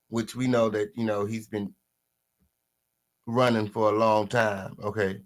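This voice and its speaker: A man hosting a reaction commentary, sassy and animated, loud one moment and muttering the next, asking viewers to vote in the chat. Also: unhurried. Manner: animated, sassy, swings between loud outbursts and low mutters. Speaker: commentary host. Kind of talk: reaction commentary on a diss track.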